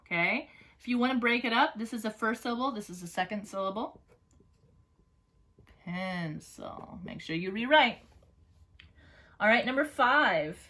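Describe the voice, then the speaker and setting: A woman teaching a phonics and dictation lesson, dictating slowly word by word and checking in with students. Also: mid-range voice, pushed and bright. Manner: slow, careful word-by-word dictation; checks in with "right?" and "okay?".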